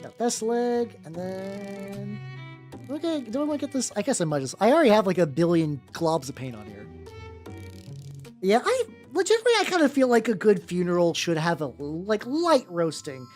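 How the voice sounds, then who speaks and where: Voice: mid-range voice, very animated, moderate pace, darkish tone, soft background music. A streamer chatting casually while painting miniatures, rambling with many stammered restarts and casual swearing.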